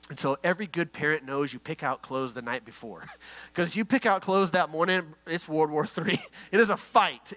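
A middle-aged man, a pastor, preaching an earnest sermon and telling stories, often dropping his voice to a hush. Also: on the high side, dry recording, poor audio. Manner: earnest, storytelling preacher who drops to a hush for quoted moments.

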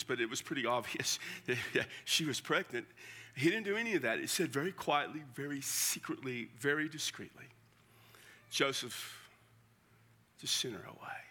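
An older man preaching a sermon as pastor, talking in a conversational, emphatic way and dropping to a hush at emotional moments. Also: mid-range voice.

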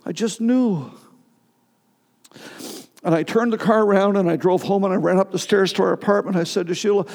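Gravelly pastor preaching in a reverberant hall. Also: male voice, high-pitched, a little mellow. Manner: storytelling, emotional, with halting restarts. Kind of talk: sermon.

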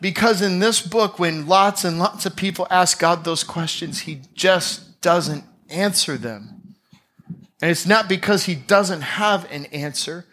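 A man's voice: high-pitched, measured pace, fairly bright tone. A man preaching a sermon, telling a Bible story with drama and acting out the scenes. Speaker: pastor.

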